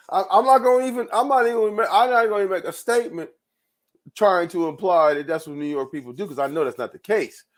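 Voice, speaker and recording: A man's voice: high-pitched, brisk. A man hosting his own show, ranting in loose commentary with frequent profanity, repeated words and laughs. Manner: rambling, profane, repeats himself, laughs often. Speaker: show host.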